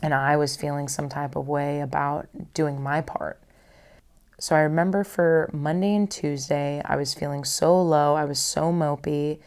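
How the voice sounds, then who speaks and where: A young woman talks through her feelings on her own podcast, candid and rambling, circling back over the same phrases. Her voice sits low, with a gravelly fry running through it. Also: fairly even intonation, a little slow, darkish tone. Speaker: podcast host. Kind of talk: personal reflective monologue.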